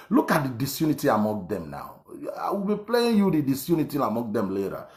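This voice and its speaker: An online commentator, a Nigerian man of about fifty, delivers a political monologue in a darkish, mid-range voice with huge pitch swings. He talks fairly quickly with few pauses, emphatic and repetitive, full of fillers and restarts. The room is echoey.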